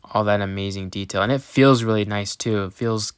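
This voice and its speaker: Eager young man reviewing toys, smooth low voice. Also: a little fast, no room sound, clean studio sound. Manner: enthusiastic, many ums and restarts. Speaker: toy reviewer, channel host. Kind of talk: casual review to camera.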